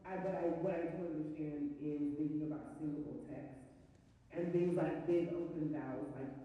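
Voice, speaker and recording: A man's voice: fairly high pitch, fairly even intonation, moderate pace, warm tone, slight background noise. A man librettist explaining how he writes lyrics, eager, checking in with "right?". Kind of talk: live panel talk. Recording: distant mic in a very echoey hall.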